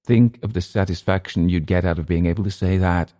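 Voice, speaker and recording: A man's voice: deep voice, fairly even intonation, fairly quick, mellow, natural voice. A man reading aloud, voicing a drunk young Englishman who mocks his companion with jeering taunts. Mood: mocking.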